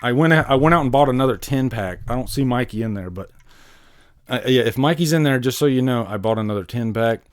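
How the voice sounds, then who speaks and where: A man hosting a live stream, chatting casually with his viewers and greeting them, excitable and wired, swearing freely. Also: medium pitch, fast, clear, resonant tone, dry recording, clean studio sound. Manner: talks straight to viewers, greets chat.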